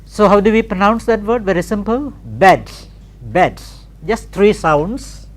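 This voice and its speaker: Slow, lively-voiced male teacher. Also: high-pitched. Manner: slow and deliberate, repeats words for practice, often says "you know" and "okay". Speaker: English teacher. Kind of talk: classroom pronunciation lesson.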